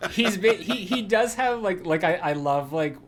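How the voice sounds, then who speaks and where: A man's voice: high-pitched, lively intonation, moderate pace. A man co-hosting a podcast in casual chat, rambling with lots of fillers and frequent laughs. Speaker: podcast co-host.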